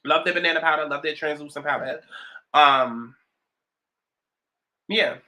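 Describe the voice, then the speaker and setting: A woman's voice: sits low, measured pace, sharp tone. A woman around thirty with a New York accent, chatting sassily and with lots of profanity while doing her makeup at home. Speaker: vlogger. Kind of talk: get-ready-with-me casual chat.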